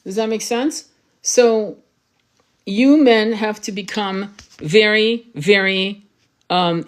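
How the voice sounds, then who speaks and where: Fiery, urgent woman spiritual reader. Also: mid-range voice. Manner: passionate, urgent, swears freely; emphatic, repeats herself for emphasis. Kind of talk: livestream monologue to viewers.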